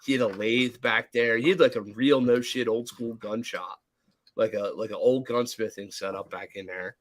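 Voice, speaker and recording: A man's voice: lowish voice, normal speed. A man co-hosting a podcast, telling a rambling story in casual chat, swearing freely and acting out the people he quotes. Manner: profane, animated storyteller who acts out quotes. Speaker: podcast co-host.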